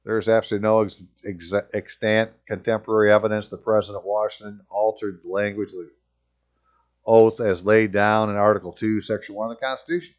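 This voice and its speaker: A man's voice: lowish voice, steady tone, brisk, highs cut off. Sarcastic man reading and remarking. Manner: sarcastic, reads passages aloud and remarks on them. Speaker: channel host. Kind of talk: casual commentary, reading aloud.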